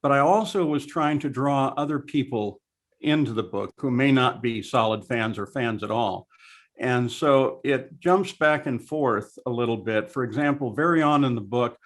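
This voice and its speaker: A man's voice: mid-range voice, moderate pace. Older man telling broadcasting stories. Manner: storytelling, animated anecdotes. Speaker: guest, veteran race broadcaster. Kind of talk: casual interview over video call. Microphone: video call.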